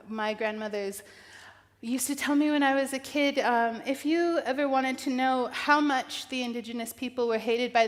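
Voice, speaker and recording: A woman from northern New Mexico speaks in a fairly high voice, giving an earnest personal keynote. She talks haltingly, restarting lines and filling gaps with "um," and she is close to tears. Her voice rings out with the long reverb of a large event hall. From northern New Mexico, US Southwest. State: emotional.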